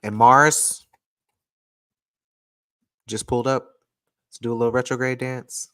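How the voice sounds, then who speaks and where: Tarot reader, live stream, playful, chatty, slow pace, close mic. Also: mid-range voice, little pitch movement, sharp tone, no echo. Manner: playful, chatty, laughs often. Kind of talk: casual live-stream reading. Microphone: desk microphone, close.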